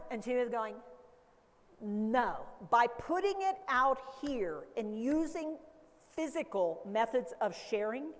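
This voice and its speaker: A woman educator giving a lively conference talk, acting out baby talk and caregiver voices along the way. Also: fairly high pitch, big-room sound. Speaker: dementia care educator. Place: conference hall.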